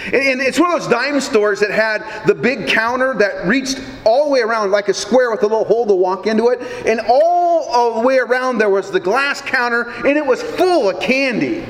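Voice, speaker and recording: A male pastor from Nebraska preaching a sermon, telling stories in an animated way with small stammers. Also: very high voice, normal speed, few pauses, long reverb tail, poor audio.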